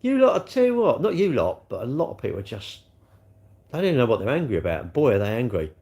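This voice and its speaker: A man's voice: medium pitch, big pitch swings, quick pace, darkish tone. A man chatting casually on a live stream, answering his viewers in a rambling, sarcastic way with lots of tag questions.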